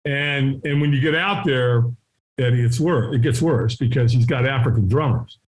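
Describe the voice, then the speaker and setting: A middle-aged man telling a story as a podcast guest. His talk is punchy and animated, he often ends sentences with "right?", and he acts out the people in his story with quick shifts of voice. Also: medium pitch, low-quality recording. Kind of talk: storytelling in a conversational interview.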